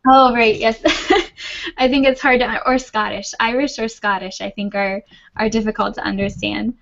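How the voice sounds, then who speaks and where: Woman, English teacher, patient explaining, higher pitch, dull video call audio. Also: fairly even intonation, normal speed, vocal fry, a bit bright. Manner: patient, reassuring, laughs often. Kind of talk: online class, friendly explaining.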